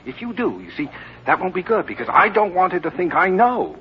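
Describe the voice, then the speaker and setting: A man's voice: high-pitched, sing-song, fairly quick. An actor playing a flustered husband in a radio comedy who fumbles, mutters to himself and hurries his words. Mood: hurried. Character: flustered middle-aged husband, sheepish and evasive. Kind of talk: 1940s radio comedy acting. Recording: dull old radio recording with faint hiss.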